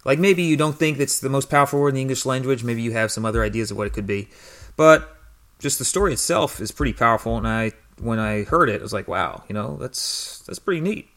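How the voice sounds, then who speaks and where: A man's voice: mid-range voice, quick pace, a bit bright. A man hosting a podcast, introducing and commenting on a clip in a casual, hesitant way. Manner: hesitant, many fillers and restarts. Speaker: podcast host.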